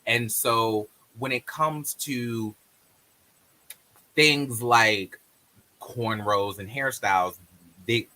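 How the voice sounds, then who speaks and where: Bright, emphatic male podcast host. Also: medium pitch, rough recording. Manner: emphatic and animated, quick asides. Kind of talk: casual group chat.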